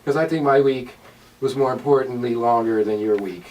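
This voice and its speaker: Male radio host, casual and excitable, mid-pitch, a bit off-mic in a small studio with light hiss. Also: brisk. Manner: loose, hyped, rambling. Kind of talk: casual chat. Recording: distant mic with faint noise.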